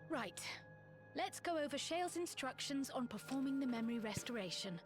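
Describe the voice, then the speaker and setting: An earnest young mission leader. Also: female voice, high voice, lively intonation, moderate pace, soft background music. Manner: clear, explanatory.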